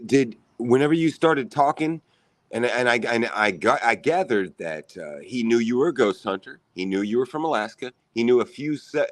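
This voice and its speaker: A man's voice: medium pitch, no room sound. A man co-hosting a casual podcast chat, chiming in with agreement and asking long rambling questions. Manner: interjecting, agreeing sidekick who asks long rambling questions. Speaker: podcast co-host.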